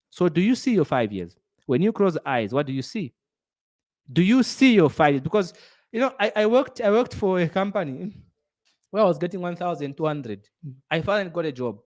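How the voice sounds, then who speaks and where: A man's voice: on the high side, very animated, brisk, darkish tone. A middle-aged man giving a motivational business talk, earnest and preachy, repeating phrases for emphasis. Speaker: business speaker.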